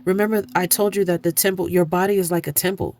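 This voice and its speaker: A woman's voice: on the low side, steady tone, quick pace, darkish tone, no room sound. Earnest, preachy woman card reader. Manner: earnest, preachy, repeats phrases for emphasis. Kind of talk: oracle card reading. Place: indoor room, candles lit.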